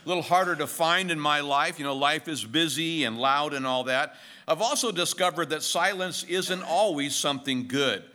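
A middle-aged man preaches a sermon, walking through the text in an easy, conversational way and slipping in jokes and short stories. His voice sits a little high and sounds bright and forceful. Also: moderate pace. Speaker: pastor. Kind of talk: expository sermon.

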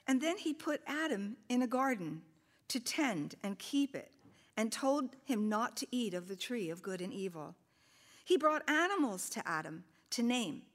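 A woman in her sixties giving a sermon to women, lively and chatty, laughing at her own stories. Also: a little high. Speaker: women's ministry speaker.

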